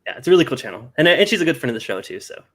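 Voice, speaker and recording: A man's voice: mid-range voice, very animated, rapid-fire, fairly bright tone. A man guesting on a casual whiskey livestream, chatting and laughing easily. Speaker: guest co-host of a whiskey stream.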